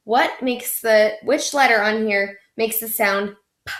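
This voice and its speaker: Brief: young woman teacher, phonics lesson, slightly high voice, slow and patient, echoey classroom. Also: fairly bright tone. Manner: slow, encouraging, stretches out sounds.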